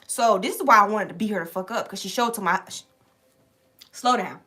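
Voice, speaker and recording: A young woman telling a casual, profane story to her viewers, animated and streetwise. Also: mid-range voice, brisk. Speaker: tarot reader and channel host.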